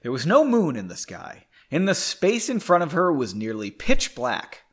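A man's voice: a little high, huge pitch swings, normal speed. A man at home reading a fantasy story aloud, chatty and self-mocking, often stumbling and rereading lines. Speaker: amateur story reader. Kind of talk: casual read-aloud with asides.

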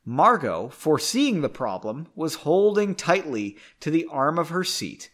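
A man's voice: on the high side, very animated, measured pace, fairly bright tone. A man at home reading a fantasy story aloud, chatty and self-mocking, often stumbling and rereading lines. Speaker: amateur story reader. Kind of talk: casual read-aloud with asides.

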